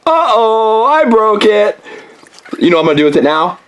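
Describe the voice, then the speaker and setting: A woman's voice: medium pitch, very animated, normal speed, smooth. A woman hosting a playful toy unboxing for children, chatting with a child helper and throwing in pirate growls.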